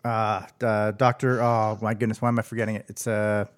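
A man's voice: on the low side, flat delivery, fairly quick. A man hosting a casual podcast, rambling with many fillers. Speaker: podcast host.

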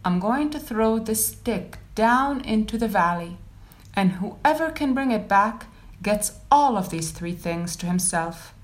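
A woman's voice: mid-range voice, expressive, unhurried, lightly acted. A woman voicing a curious young heroine in a folk tale, earnest and wondering. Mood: cheerful.

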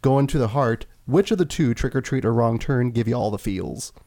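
A man hosts a relaxed podcast chat with a mid-range voice. He keeps the talk moving and puts questions to the panel. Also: medium pitch, moderate pace. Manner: moderating, asks the panel questions. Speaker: podcast host. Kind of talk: casual podcast discussion.

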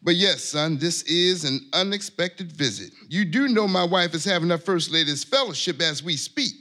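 An actor playing an impatient, bossy pastor who talks down to his secretary and counsels a younger minister. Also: moderate pace. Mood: concerned. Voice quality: high lively voice, brusque and commanding with his secretary. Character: bossy middle-aged male pastor, impatient. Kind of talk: church comedy drama acting.

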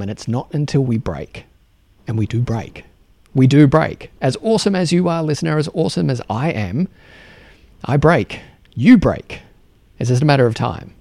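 A man with an Australian accent hosting a solo podcast, talking earnestly and haltingly with many restarts and repeated words. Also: mid-range voice, mellow, no echo. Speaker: podcast host.

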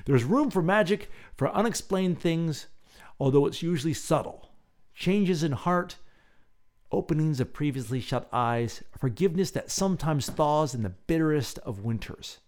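A man doing an impression of a well-known statesman, speaking to a young child in a measured, deliberate way. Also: a little high, expressive, darkish tone, pitched above the performer's own voice, natural voice. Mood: earnest, uplifting. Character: earnest, measured middle-aged male statesman addressing a child.

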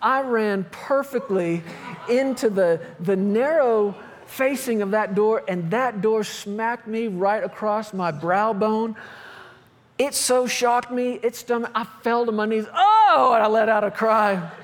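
Male pastor, sermon, high voice, long hall reverb, storytelling, reads scripture. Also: a little slow. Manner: storytelling, animated with laughs and scripture reading.

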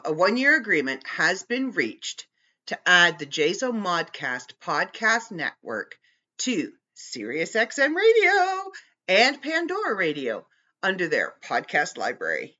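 Animated woman podcast host, bright voice. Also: lowish voice, muffled recording. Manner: animated, bickering playfully with someone off-mic. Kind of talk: casual chat.

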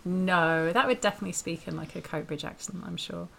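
A woman's voice: lowish voice, a little fast, gravelly, a bit bright. A woman co-hosting a podcast in casual chat, playful and laughing often. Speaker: podcast co-host.

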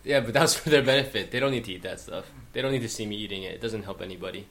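A man's voice: on the low side, rapid-fire, a bit bright, a little hiss or hum. A man chatting casually as a podcast host, joking and telling stories with frequent laughs. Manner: joking, storytelling, laughs often. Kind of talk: casual banter.

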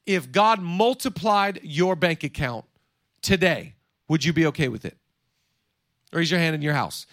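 A man in his thirties preaching a sermon in a playful, energetic way, joking and acting out quotes from the story. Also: on the high side, a little slow, long pauses, no echo. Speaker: pastor. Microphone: seated on a stool.

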